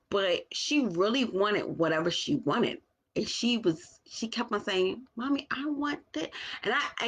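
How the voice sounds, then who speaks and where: A mother talking casually to her viewers, halting often with restarts as she slows down to find her words. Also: medium pitch, fairly bright tone. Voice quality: slow, deliberate delivery. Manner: halting, with restarts and long pauses. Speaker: parent vlogger. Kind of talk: casual talk to camera.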